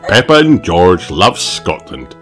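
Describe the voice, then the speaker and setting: A man reading a children's picture book aloud, slow and expressive. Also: sits low, soft background music. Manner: slow, expressive, sing-song. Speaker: storybook reader.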